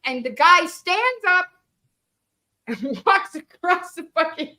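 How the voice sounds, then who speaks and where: Woman, high voice, bright, candid, swears a lot, casual storytelling. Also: lively intonation, slow pace. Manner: candid, laughing, swears freely. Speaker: guest storyteller.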